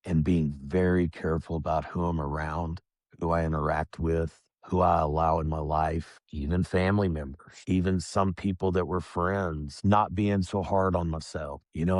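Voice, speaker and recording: A man speaking as a podcast guest, telling his own story in a plain, calm and reflective way. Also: low-pitched, dry recording, studio quality. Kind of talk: candid personal storytelling.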